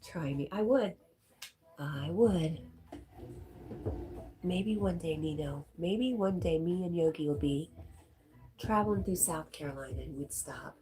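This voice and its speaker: A woman's voice: deep voice, normal speed. A middle-aged woman with a stuffy nose, casually chatting on a live stream and reading viewer comments aloud. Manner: reads viewer comments aloud and chats back softly.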